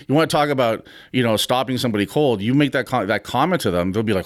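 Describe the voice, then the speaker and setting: A man in his fifties giving a frank, low-voiced motivational talk on a podcast. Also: animated, fast, few pauses, no echo, clean studio sound. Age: 50s. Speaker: podcast host and gym owner.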